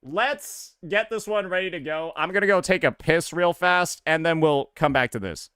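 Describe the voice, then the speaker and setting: A man's voice: fairly high pitch, moderate pace, pushed and bright, clear, resonant tone, no echo, clean studio sound. A male streamer chatting casually to his viewers live, loose and repetitive, from the American South. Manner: loose and chatty, repeats himself.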